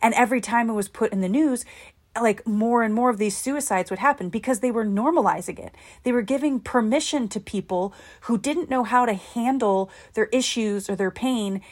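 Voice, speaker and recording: Speaking at a normal pace in a slightly high voice, a young woman hosts a podcast as a casual, opinionated monologue. She's chatty and emphatic, saying "like" constantly.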